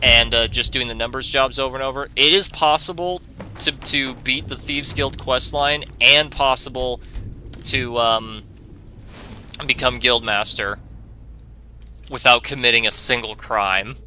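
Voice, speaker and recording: A man's voice: medium pitch, steady tone, a little slow, pushed and bright, a little hiss or hum. A man hosting a gaming video, giving rambling, wry commentary with jokey asides as he plays. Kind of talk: casual let's-play commentary.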